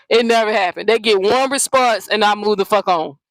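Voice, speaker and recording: A woman's voice: mid-range voice, normal speed, no echo, rough recording. A woman hosting her own channel, delivering a blunt, profane, mocking rant straight to the camera. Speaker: channel host. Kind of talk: confrontational vlog rant.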